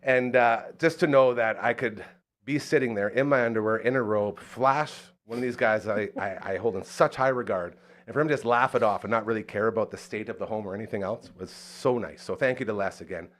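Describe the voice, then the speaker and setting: A man from Saskatchewan hosting a podcast, telling a story in casual chat and acting out quotes in a high excited voice. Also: a little fast. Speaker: podcast host.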